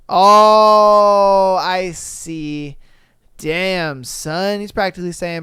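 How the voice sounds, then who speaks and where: Podcast host reading posts out slow, slangy and cussing, smooth voice, dry close mic. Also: medium pitch, dry recording. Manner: slangy, profane, animated reactions with laughter. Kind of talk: casual reaction commentary reading online posts.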